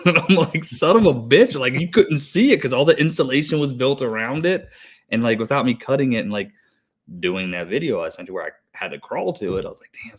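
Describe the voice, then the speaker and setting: Man, 30s, podcast co-host, lowish voice, hyper and breathless, swears a lot, rambling storyteller. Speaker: podcast co-host, HVAC technician. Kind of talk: casual chat.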